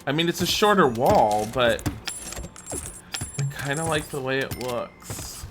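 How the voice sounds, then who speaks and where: A man's voice: medium pitch, lively intonation, takes it slowly, background noise. A man streaming a building game live, chatting and thinking aloud to viewers and laughing often. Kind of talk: live-streamed gameplay chat.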